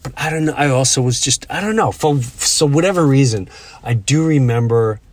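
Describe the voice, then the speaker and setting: A man's voice: mid-range voice, expressive, dry recording. Middle-aged man telling stories casually. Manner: storytelling, halting restarts. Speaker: podcast host. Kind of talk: casual chat.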